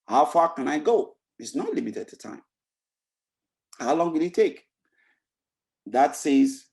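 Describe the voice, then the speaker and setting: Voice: medium pitch, darkish tone. A motivational speaker giving a webinar talk over a video call, emphatic and repetitive, with many rhetorical questions and frequent restarts. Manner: frequent restarts and "you know" fillers.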